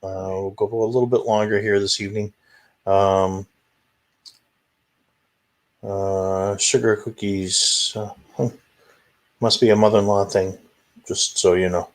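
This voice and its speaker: A man co-hosting a live stream, making plain, unhurried announcements with filler ums. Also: lowish voice, flat delivery. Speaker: co-host. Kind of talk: casual live-stream chat.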